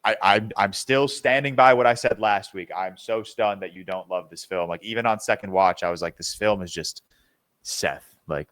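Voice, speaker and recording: A man's voice: on the low side, normal speed, a bit bright, no room sound. A young man co-hosting a podcast, talking casually in a rambling way, full of ums and restarts. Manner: rambling, filler-heavy, restarts often. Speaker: podcast co-host. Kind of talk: casual chat.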